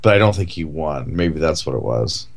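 A man's voice: a bass voice, expressive, normal speed, a crowd in the background. A man co-hosting a casual chat, rambling with lots of "like" and "you know". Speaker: podcast co-host.

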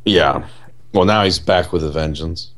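A man co-hosting a casual movie chat, blunt, sarcastic and quick to swear. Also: sits low, fairly bright tone.

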